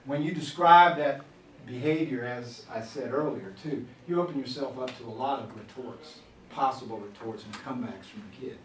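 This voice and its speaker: A man's voice: mid-range voice, normal speed. A man in his fifties from Florida, lecturing a workshop on classroom management and acting out scolding teachers and students along the way. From Florida, USA. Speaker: teacher trainer. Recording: echoey room, distant mic, faint noise.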